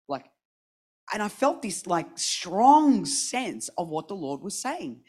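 Animated woman preaching with lively pitch. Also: slow pace, breathy edge. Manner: animated, acts out voices in anecdotes. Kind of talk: sermon with storytelling.

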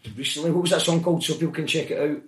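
A man's voice: a little high, very fast, distant mic, slight background noise. A Scottish man hosting a casual chat, rambling with many restarts. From Scotland. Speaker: podcast host.

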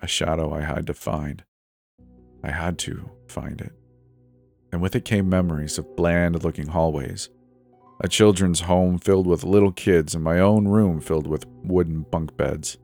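A man reading a first-person horror story in a measured, suspenseful way. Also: low-pitched, fairly even intonation, creaky, darkish tone, soft background music.

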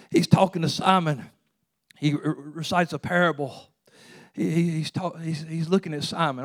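A man preaching a sermon as pastor. He swings from hushed, intimate talk to loud exclamations and often repeats words. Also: a little high, a little slow, no room sound.

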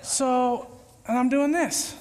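A man preaching a casual, conversational sermon, acting out little scenes with sudden shouts and whispers. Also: very high voice, steady tone, takes it slowly. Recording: echoey hall with long reverb.

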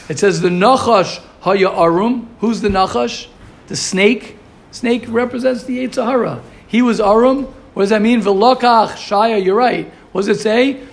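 High, gravelly rabbi teaching. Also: male voice. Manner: animated, rhetorical questions, Yiddish and Hebrew terms. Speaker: yeshiva teacher. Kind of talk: Torah class lecture.

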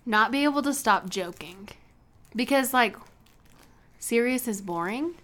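A woman's voice: fairly high pitch, lively intonation, a little slow, a bit bright. A woman co-hosting a podcast in casual chat, telling rambling stories full of fillers. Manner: chatty, rambling storyteller with many fillers. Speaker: podcast co-host.

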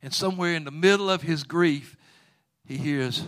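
A man preaching a sermon, moving from quiet storytelling to loud, fervent exhortation with folksy phrasing. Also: a little high, moderate pace.

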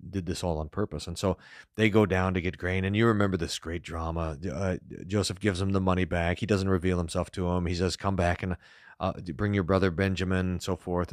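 A man's voice: low voice, dry recording, studio quality. A man, a pastor, teaching on the Bible in a storytelling way and reading verses aloud with rising emphasis.

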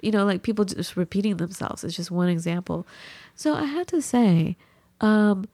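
A middle-aged woman hosting a podcast, telling a story in a casual, animated way and acting out the people she quotes. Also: moderate pace, dry recording. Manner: animated, acts out quotes with big pitch jumps. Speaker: podcast host.

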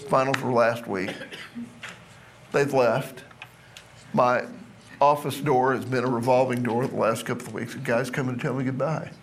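A man's voice: mid-range voice, fairly even intonation, moderate pace, long pauses, slight background noise. A man teaching a Bible class to a group in a classroom, chatty and self-deprecating.

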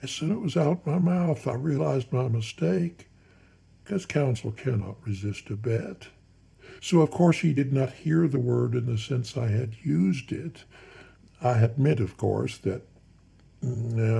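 A man spins a folksy yarn in a deeply gravelly, husky voice. His tone is dark and mellow, and he slows into soft, hushed asides. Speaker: storyteller. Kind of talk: spoken storytelling.

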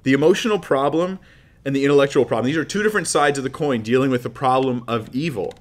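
A man of middle pitch teaches on faith in a lively, animated way. He acts out dramatic scenes and keeps turning to his audience with rhetorical questions. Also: fast. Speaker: Christian teacher. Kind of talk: apologetics teaching talk.

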